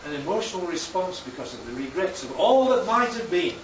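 A man's voice: high voice, very animated, brisk, slight background noise. A man from northern England preaching a sermon in a chatty, joking way, often asking the congregation questions. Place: church hall. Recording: echoey church room, distant mic, dull sound.

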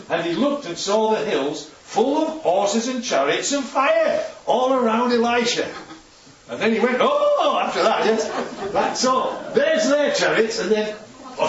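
A man giving an informal Bible talk as a preacher, chatty and often checking in with his listeners. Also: high voice. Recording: echoey, distant, dull sound.

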